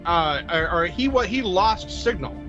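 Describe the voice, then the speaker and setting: A man's voice: high voice, lively intonation, measured pace, a bit bright, soft background music. A man co-hosting a casual live stream and presenting news stories, talking emphatically and repeating his words. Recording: dull lo-fi dry mic.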